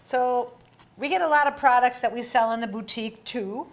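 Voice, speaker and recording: A woman's voice: fairly high pitch, normal speed. A woman with an Upper Midwest American accent hosting a casual cooking chat, bantering and tasting food. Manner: chatty, laughing tasting banter. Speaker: host.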